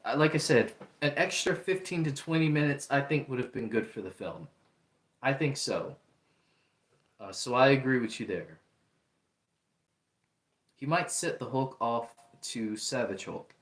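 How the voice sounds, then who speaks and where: A man's voice: mid-range voice, lively intonation, measured pace, long pauses, fairly bright tone. A young man hosting a livestream, talking in an earnest, repetitive way and reading out chat comments. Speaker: livestream host. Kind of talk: casual livestream talk. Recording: roomy echo.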